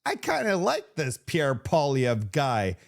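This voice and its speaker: A man's voice: fairly high pitch, wildly swooping pitch, slow pace, creaky, pitched below the performer's own voice, exaggerated voice. A man imitating a brash, boastful male politician who talks in a blunt, mocking way. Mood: boasting.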